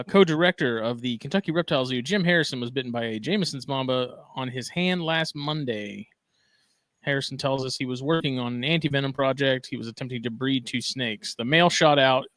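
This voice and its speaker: A man's voice: medium pitch, fairly bright tone, no room sound. A man co-hosting a casual podcast, talking in a laid-back, drawling way and reading news items aloud. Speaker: podcast co-host.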